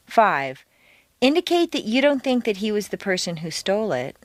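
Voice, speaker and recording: Stressed words get exaggerated emphasis as this woman teaches pronunciation at a deliberate pace on a scripted audio course. Her mid-range voice has a sing-song quality, and the recording has no room sound.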